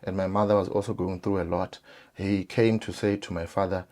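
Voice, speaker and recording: A South African man talking casually to viewers, telling a childhood story with lively acted-out quotes and many fillers. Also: low voice, fairly quick. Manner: animated, acts out quoted voices, frequent fillers.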